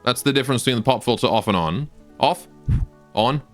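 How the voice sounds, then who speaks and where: A man's voice: mid-range voice, expressive, fairly quick, faint music behind. A young man casually commenting on his game live, rambling, joking and often laughing, on a close cheap stage mic. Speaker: game streamer.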